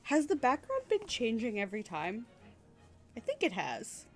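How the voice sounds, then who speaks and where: A woman's voice: fairly high pitch, huge pitch swings, moderate pace, soft background music. A woman streamer casually chatting and giggling while playing through a game, thinking aloud as she goes.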